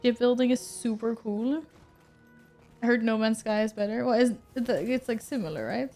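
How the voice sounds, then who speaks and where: A woman's voice: fairly high pitch, moderate pace, warm tone, faint music behind. A woman streamer chatting casually while she plays a game, reading out and answering her chat and laughing often.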